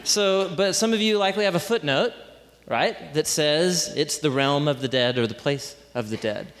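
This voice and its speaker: A man's voice: fairly high pitch, moderate pace, a bit bright. Guy giving a chatty sermon, asks the crowd stuff, big echoey hall. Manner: conversational, questions the congregation. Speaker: pastor. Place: church hall with congregation. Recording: long hall reverb.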